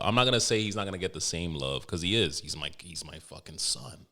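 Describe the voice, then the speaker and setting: A man's voice: sits low, lively intonation, quick pace, vocal fry, few pauses, pushed and bright. A young man hosting a podcast, rambling through an emotional, profane story with many restarts. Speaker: podcast host. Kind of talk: casual podcast monologue.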